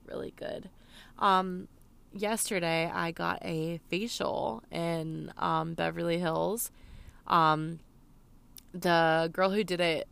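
Talking to her viewers from Los Angeles, a young woman vlogs in a chatty, emotional way, peppering everything with "like" and "um." Her voice sits on the low side, gravelly with a slightly bright edge.

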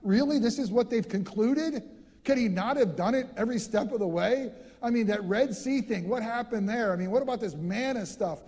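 High-voiced male pastor, mellow tone, animated preaching, big hall reverb. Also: moderate pace, husky. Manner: animated, repeats words when fired up. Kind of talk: sermon.

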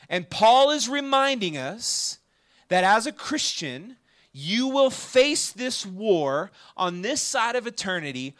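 A man preaching a sermon to a campus ministry gathering, conversational and animated, often checking in with the audience with questions. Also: high voice.

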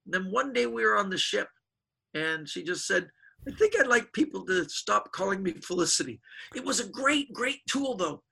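A middle-aged man, a touch husky, spins stories in a high and bright voice. He slips into the voices of people he quotes. The talk is loose and casual, like an interview. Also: moderate pace, poor audio. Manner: animated storyteller acting out quoted voices. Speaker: guest magician.

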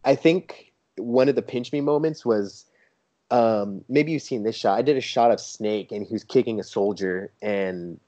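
A man chatting casually as a guest, an enthusiastic storyteller who acts out what others said in a lively, raised voice. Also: lowish voice, moderate pace. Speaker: toy photographer guest. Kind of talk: casual chat. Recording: dull lo-fi sound.

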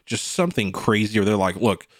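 Low-voiced man rambling about sports. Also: normal speed, no room sound, studio quality. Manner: rambling, lots of "you know" and "like"; animated, slips into mock quotes. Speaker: podcast co-host. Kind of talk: casual sports chat.

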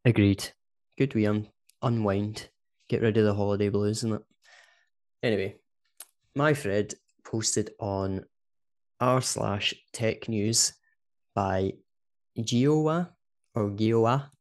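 Chatty Scottish man, low voice. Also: fairly even intonation, slow, long pauses, darkish tone. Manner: chatty, laughs often, says "do you know what I mean". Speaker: podcast co-host. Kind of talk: casual chat.

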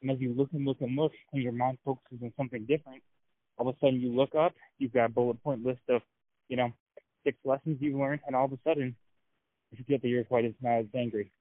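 A man talks quickly and earnestly, coaching his friend through a hard week in a casual podcast chat. The sound is dry and tinny, like a phone line. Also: medium pitch, fairly even intonation, no room sound. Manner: fast, earnest, motivational, asks follow-up questions. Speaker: podcast co-host.

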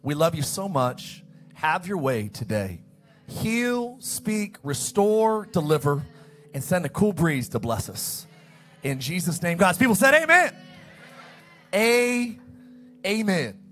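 A man preaching a sermon as pastor, animated, acting out the story's dialogue in quick asides. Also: a little high, faint music behind.

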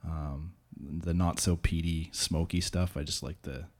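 A man's voice: extremely low pitch, steady tone, measured pace. A man, the show's technical producer, chatting casually in a laid-back, modest, hesitant way. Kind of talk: casual chat.

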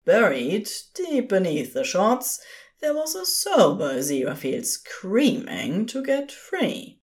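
Gentle, slow female podfic narrator. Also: medium pitch. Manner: gentle, expressive storytelling.

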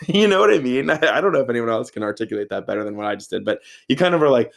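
A man in his thirties telling a casual, animated story, swearing freely and saying "like" a lot. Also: medium pitch, fast talker. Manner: animated, profane, filler-heavy with frequent "like".

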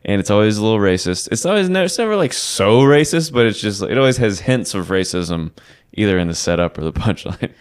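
Smooth-voiced comedian telling wry stories. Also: male voice, on the low side, lively intonation, brisk. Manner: wry storytelling, dry asides. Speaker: stand-up comedian. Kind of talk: casual podcast chat.

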